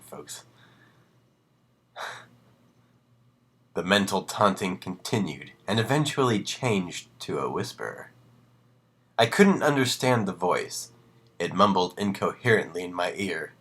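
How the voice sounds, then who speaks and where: On a live stream, a man with a deep voice reads horror stories aloud. He breaks off for casual asides and drops to a hushed tone on the ominous lines.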